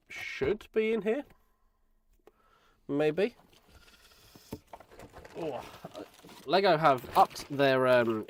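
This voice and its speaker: A man with a cold, talking in a croaky, gravelly voice as he chats casually and rambles through a live stream. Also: mid-range voice, a little mellow, slight background noise. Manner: rambling, self-deprecating. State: hoarse from a chest infection. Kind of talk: casual live-stream chat while building.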